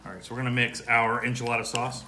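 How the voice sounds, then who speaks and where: Brief: male cooking-show host, playful and mock-offended, in a roomy kitchen with steady background noise. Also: mid-range voice, fast talker. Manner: joking, mock-indignant banter while cooking. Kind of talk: casual cooking demonstration.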